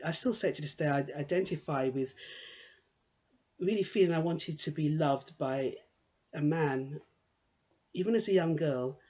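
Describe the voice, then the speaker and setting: A woman's voice: low-pitched, a little mellow, muffled recording. A woman giving an improvised personal monologue while sitting on a swivel chair, talking in a rambling, candid way full of restarts. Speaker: monologue performer.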